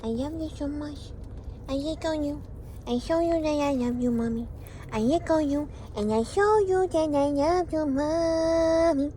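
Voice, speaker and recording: A woman's voice: high-pitched, measured pace, dark tone, a little hiss or hum. A woman speaking for her pet dog in sing-song baby talk, as the dog thanks its owner. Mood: adoring.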